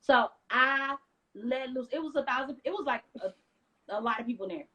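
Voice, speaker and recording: A woman from the United States, an interview guest, telling her story in an animated way and acting out what others said. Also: sits high, fairly quick, muffled recording. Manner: lively retelling with acted-out quotes.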